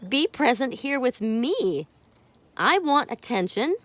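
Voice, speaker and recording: A woman's voice: sits high, big pitch swings, slow, fairly bright tone, voice pushed up, heavily acted. A woman voicing her male pet cat, who bossily demands attention. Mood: demanding. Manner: bossy and indignant.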